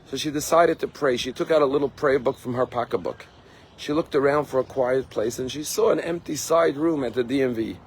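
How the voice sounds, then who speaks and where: Earnest rabbi preaching a sermon. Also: male voice, medium pitch, slight background noise. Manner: earnest, slows and rises for emphasis. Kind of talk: sermon with storytelling.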